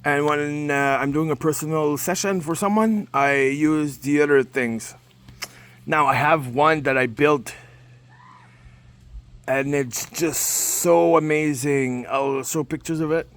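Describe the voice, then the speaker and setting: A man's voice: fairly high pitch, slow, fairly bright tone, no echo. A man telling a rambling, emotional story in casual talk, often repeating himself. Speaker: spirit communication vlogger. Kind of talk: casual monologue.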